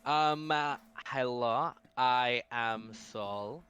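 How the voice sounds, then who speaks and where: A man's voice: mid-range voice, very slow, fairly bright tone, clean tone, muffled recording. A man playing in a tabletop game, giggly and hesitant as he talks. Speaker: player. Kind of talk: casual tabletop game chat.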